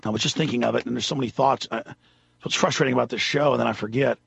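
Gravelly radio host guy, rambles and loses his thread, husky, dull dry sound. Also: mid-range voice, fairly even intonation, rapid-fire, fairly bright tone, dry recording. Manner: rambling, loses his train of thought mid-sentence. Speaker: radio talk show host. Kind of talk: call-in radio talk.

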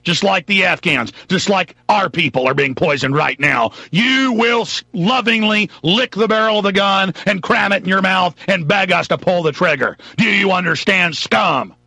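A man voicing a sneering, menacing government tyrant who shouts threats with contempt. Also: high voice, normal speed, creaky, hardly any pauses, husky, no room sound, heavily acted. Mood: menacing, shouting.

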